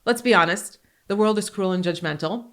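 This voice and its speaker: A woman in her forties telling personal stories in a casual, animated way as a podcast guest. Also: medium pitch, a little fast. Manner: animated, grows excited then softens. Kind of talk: casual conversational storytelling.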